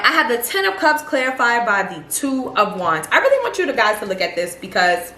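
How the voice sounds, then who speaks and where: A high-pitched woman reads tarot cards in a casual, animated way. She repeats phrases for emphasis and talks straight to her viewers. The room is echoey, with a faint hiss behind her. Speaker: tarot reader.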